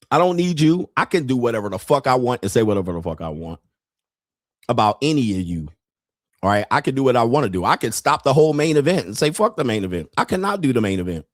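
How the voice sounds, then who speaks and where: A man's voice: mid-range voice, big pitch swings, brisk, long pauses, dry recording. Guy hosting a show and ranting, lots of cussing and laughing, medium voice, dead dry room. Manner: blunt, heavy swearing, laughs often. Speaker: podcast host. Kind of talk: profane livestream rant.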